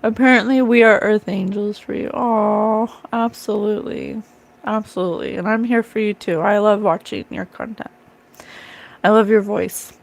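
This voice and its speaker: A woman's voice: medium pitch, fairly even intonation, moderate pace. A middle-aged woman doing a live psychic card reading, talking earnestly and emotionally to her viewers. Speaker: psychic medium streamer. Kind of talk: live-stream card reading, casual talk.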